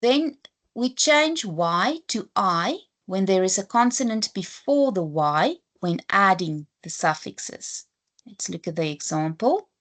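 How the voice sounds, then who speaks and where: Expressive and slow, a woman with a mid-range voice and South African English accent teaches a patient classroom spelling lesson. She spells each word out letter by letter.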